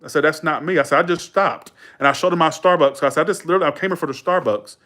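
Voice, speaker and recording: A man's voice: a little high, rapid-fire, sharp tone. Chatty man telling a story. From Georgia, USA. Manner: rambling, self-correcting, colloquial, quotes others in raised voice. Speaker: live streamer chatting with viewers. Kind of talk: casual chat and storytelling.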